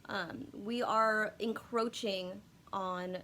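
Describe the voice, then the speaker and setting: A woman's voice: medium pitch, fairly even intonation, drawn-out words, bright, forceful tone. A young woman talking casually to her viewers in a rambling, profane, self-deprecating way, often losing her words and restarting. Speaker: YouTube commentator. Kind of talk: casual unscripted video monologue.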